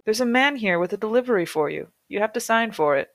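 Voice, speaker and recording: A woman voicing an excitable young female roommate who is eager and bouncy, read aloud in a comedy podcast. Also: mid-range voice, fast talker, a little hiss or hum, voice pushed up. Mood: excited.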